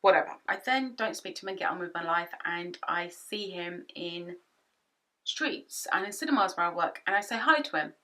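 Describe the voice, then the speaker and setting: A woman's voice: on the low side, normal speed, rough recording. A British woman in her twenties telling a personal story in a storytime vlog, acting out both sides of the conversations. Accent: British English. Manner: animated storyteller, acts out both sides in quotes. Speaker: vlogger. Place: home office. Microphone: camera-mounted shotgun mic.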